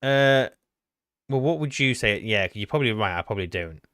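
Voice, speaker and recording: A man's voice: fairly low pitch, animated, normal speed, a bit bright, clear, resonant tone, dry recording. A man co-hosting a gaming stream, chatting casually in a hesitant, rambling way and often restarting his sentences. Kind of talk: casual chat while gaming.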